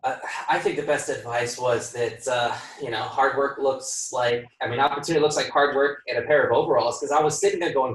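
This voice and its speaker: A man who works as a home inspector, a guest on a podcast, telling lively stories, acting out the dialogue and laughing often. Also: mid-range voice, fairly quick, hardly any pauses. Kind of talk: podcast interview storytelling. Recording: roomy sound from a distant mic.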